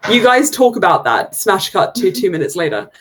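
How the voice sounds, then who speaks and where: A woman's voice: mid-range voice, big pitch swings, moderate pace, fairly bright tone, a little hiss or hum, poor audio. A woman narrating a tabletop game as game master, wry and contrary, often breaking into laughter.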